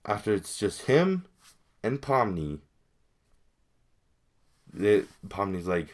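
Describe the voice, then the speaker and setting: A man's voice: fairly low pitch, big pitch swings, slow pace. A man giving casual, rambling commentary as a video creator, talking straight to his viewers. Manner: rambling, addresses viewers directly.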